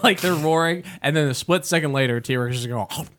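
A man's voice: fairly high pitch, fairly quick, a bit bright. A man co-hosting a podcast, chatting casually about movies, often stumbling and repeating words as he rambles. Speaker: podcast co-host.

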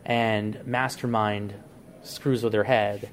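Slight background noise sits behind a podcast co-host whose voice is on the low side, steady in tone and slow. He lays out a plot idea casually and in a wandering way, restarting often and leaning on "like."

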